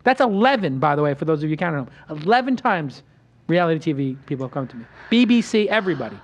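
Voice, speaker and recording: A man's voice: on the high side, fast. A man hosting a casual roundtable talk show, telling stories with boastful energy and acting out what others said. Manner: boastful, animated storytelling with acted-out quotes. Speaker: podcast host.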